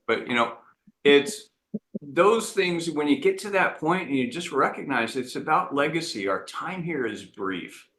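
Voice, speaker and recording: Earnest man with a bright voice. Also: on the high side, animated, roomy sound. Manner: earnest, halting with restarts. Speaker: entrepreneur guest. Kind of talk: reflective interview talk.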